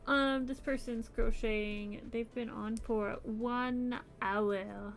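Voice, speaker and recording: A woman's voice: on the high side, steady tone, takes it slowly. A young adult woman streaming her crochet, chatting casually and sounding sleepy and yawny. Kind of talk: casual live-stream chat.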